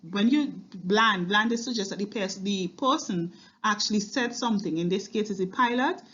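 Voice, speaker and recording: In a muffled recording, a woman of medium pitch teaches English literature, walking through a poem line by line in an exam-prep lesson. She frequently pauses to ask "okay?".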